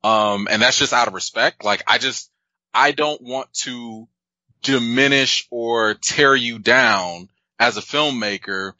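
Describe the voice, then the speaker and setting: A man with a bright, forward voice leads a casual critics' panel, summing up his guests' points and teasing them. The sound is close and dry, with a slightly dull, lo-fi quality. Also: mid-range voice, slow, dry recording. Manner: relaxed, joking, summarizing. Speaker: panel host, film critic.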